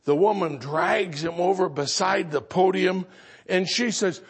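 Husky high-voiced pastor preaching slow, goes from loud to real quiet and earnest. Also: male voice. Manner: storytelling preacher, swinging from loud exclamation to hushed earnestness. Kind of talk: sermon.

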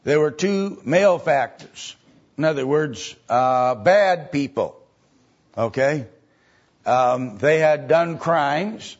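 Male preacher, husky, slow and halting, plain Bible explainer, dull lo-fi recording. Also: a little high, animated. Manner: halting, explains step by step, many filler sounds. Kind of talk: sermon.

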